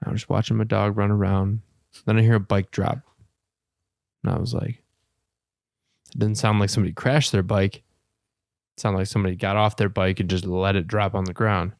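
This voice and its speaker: A man's voice: lowish voice, level tone, moderate pace, creaky, long pauses, no echo. Crude laughing storyteller man, dry sound. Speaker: podcast co-host. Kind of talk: casual storytelling.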